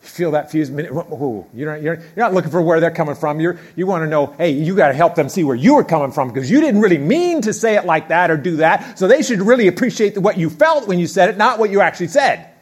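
A middle-aged man preaching a sermon in a church, talking conversationally, dropping quiet, then building loud, and repeating key phrases. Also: fairly high pitch, lively intonation, fast talker, few pauses, husky. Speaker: pastor.

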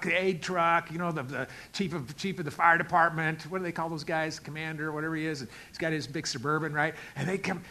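Middle-aged male pastor, bright, slightly high voice, animated storyteller acting out scenes in his sermon. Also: poor audio. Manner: animated, acts out dialogue with big swings in loudness.

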